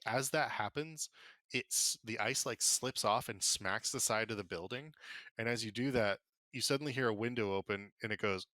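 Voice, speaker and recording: A man narrating as game master for a tabletop game, relaxed and casual, with many fillers. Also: fairly low pitch, no room sound. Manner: relaxed, filler-heavy narration with quick voiced bits for side characters.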